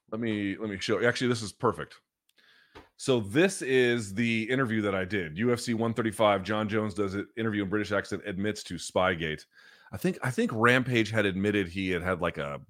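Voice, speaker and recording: A man with a fairly low voice hosts a podcast and tells a story at length. He talks casually and emphatically, swears freely, and the sound is close and dry. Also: a bit bright, no room sound. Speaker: podcast host.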